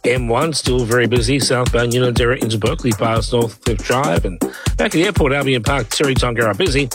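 A man with an Australian accent reading a radio traffic report in a brisk, matter-of-fact way. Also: medium pitch, loud music behind the voice.

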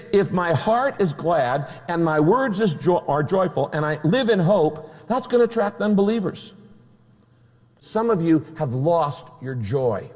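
A man preaching with a high, lively voice that leaps up and down, pressing his points through rhetorical questions and dry humor. His voice rings out with a long reverb in a large hall. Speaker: pastor. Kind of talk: sermon.

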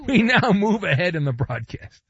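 A man's voice: sits high, sing-song, normal speed, fairly bright tone, slightly rough, no room sound, dull audio. A man hosting a radio show, talking in a theatrical, playful way and reading live ads. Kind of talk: bombastic talk radio with live ad reads.

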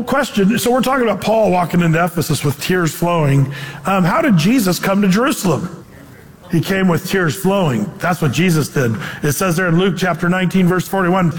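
A male pastor with a high voice delivers a casual, animated sermon. He drops into playful voices when quoting people and laughs along the way. His words trail off into the long echo of a large hall. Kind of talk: conversational sermon.

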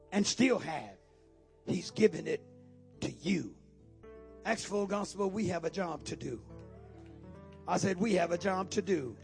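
High gravelly preacher man. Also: lively intonation, measured pace, long pauses, soft background music. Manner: swings from low murmurs to shouted preaching. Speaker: pastor. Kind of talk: sermon.

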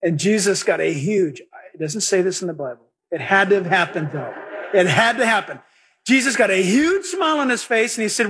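A male pastor with a high, husky voice delivers an animated sermon. He slips into little acted voices for the people in his stories. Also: normal speed. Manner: animated preaching, acting out quoted voices.

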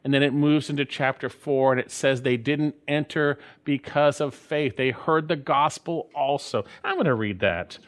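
A man preaching a sermon as pastor, with an animated delivery that rises and falls. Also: normal speed, few pauses. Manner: animated preaching, rising and falling in pitch and loudness.

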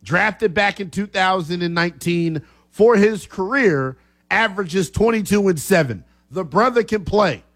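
A man hosting a sports talk radio show, talking with animated energy. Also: high-pitched, unhurried. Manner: lively, animated, coughing fits.

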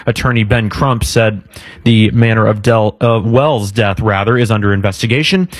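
A man reading a radio news bulletin in a brisk, scripted way. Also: fairly low pitch, dry recording. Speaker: radio newsreader.

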